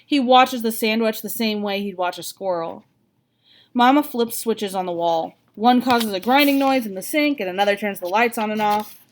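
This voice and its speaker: A woman reading a novel aloud, with an expressive, even delivery. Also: mid-range voice, moderate pace, slight background noise. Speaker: reader.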